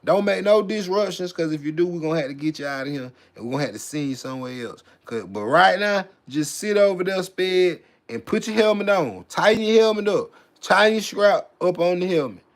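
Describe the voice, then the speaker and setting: A man's voice: high-pitched, fairly quick, hardly any pauses. A man vlogging in a profane, mocking rant to camera, repeating himself and stumbling over words with swagger. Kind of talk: profane ranting monologue to camera.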